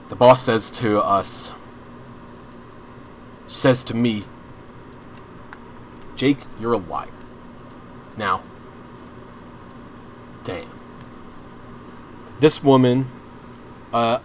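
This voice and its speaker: A young man chatting over his gameplay stream, drifting through a story with restarts and blunt swearing. His voice sits in an ordinary middle pitch, and the talk is loose and unscripted. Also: expressive, extremely slow, pauses often, slight background noise. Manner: rambling, restarts often, swears freely. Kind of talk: casual storytelling while gaming.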